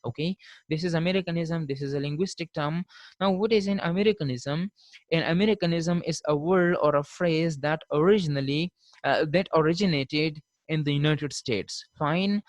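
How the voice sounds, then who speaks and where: A man's voice: a little high, dry recording. Dry-sounding man giving a linguistics lecture. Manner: repeats "fine" as a check-in, models pronunciations slowly. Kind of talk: recorded online lecture.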